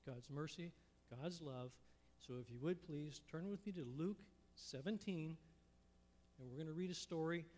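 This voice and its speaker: A man preaching a sermon in a church, telling stories in a folksy, unhurried way. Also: a little high, a little mellow, in a large hall. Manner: folksy storytelling with pauses. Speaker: pastor. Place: church sanctuary.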